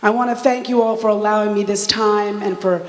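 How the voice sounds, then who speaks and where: A woman's voice: mid-range voice, steady tone. A woman activist giving an impassioned rally speech with call-and-response chants, stretching out key words for emphasis. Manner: fervent, chanting, drawn-out emphatic phrases. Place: large church sanctuary with an audience. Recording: echoey church hall with long reverb.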